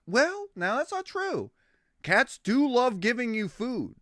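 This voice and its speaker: A young man streaming, chatting casually with viewers in a rambling, excitable way, swearing freely. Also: very high voice, slow, no room sound, studio quality.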